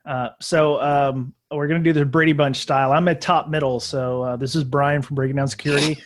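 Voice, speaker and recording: A man's voice: fairly high pitch, fairly even intonation, fairly quick. A man hosting a casual group podcast, talking loosely with many fillers and restarts. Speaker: podcast host.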